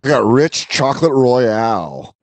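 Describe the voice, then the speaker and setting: A man co-hosting a comedy podcast in loose, joking banter. He laughs a lot as he talks, at an ordinary middle pitch. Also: big pitch swings, a little slow, dry recording. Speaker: podcast co-host.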